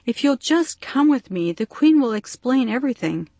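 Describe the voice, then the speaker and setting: A woman's voice: high-pitched, animated, normal speed, warm tone, dry recording, pitched above the performer's own voice. A woman reading an audiobook story, voicing a small, harried male bee man who talks politely but grows impatient. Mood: pleading. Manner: pleading, then stern and impatient.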